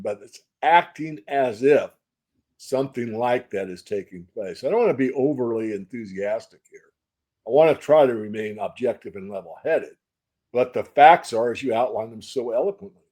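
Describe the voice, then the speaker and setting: Male guest analyst, mid pitch, emphatic and rhetorical. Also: darkish tone. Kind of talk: interview answers.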